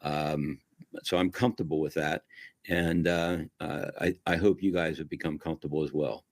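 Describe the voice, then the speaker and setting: Deep-voiced male host, folksy and gushing, closes like a preacher. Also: steady tone, moderate pace, no echo, studio quality. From Italian-American. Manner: folksy, effusive, preacherly sign-off. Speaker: show host. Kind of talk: casual interview wrap-up.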